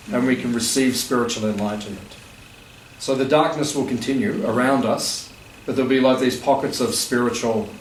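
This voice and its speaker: A man's voice: medium pitch, recorded from a distance. Guy giving a laid-back spiritual talk, lots of "you know", heard from across an echoey room with a bit of hiss. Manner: conversational, joking, many "you know" and "like". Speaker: spiritual teacher. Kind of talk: informal spiritual talk to a live audience. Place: gathering room at a festival. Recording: echoey room, voice from afar, faint noise.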